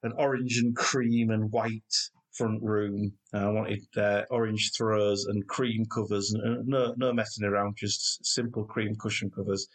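A man's voice: lowish voice, flat delivery, unhurried. A man, telling family stories in a chatty way as a co-host. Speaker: podcast co-host. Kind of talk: casual chat.

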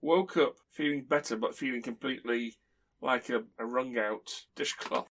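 A man's voice: medium pitch, moderate pace, a bit bright. A man hosting a podcast, telling stories in a rambling way and chuckling as he talks. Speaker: podcast host. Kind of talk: casual chat.

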